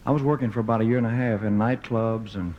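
A man's voice: fairly low pitch, steady tone, fast, dull audio, a little hiss or hum. A man in his thirties from the southern United States with a Southern accent, a singer telling rambling, self-mocking stories on a concert stage with lots of fillers and restarts. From Memphis, southern United States. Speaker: singer performing live on stage. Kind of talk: joking stage banter between songs. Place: concert stage before a live audience.

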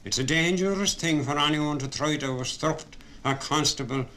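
A man's voice: fairly high pitch, moderate pace, sharp tone. A man reading an audiobook, voicing an officious, bullying male constable. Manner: pompous, threatening.

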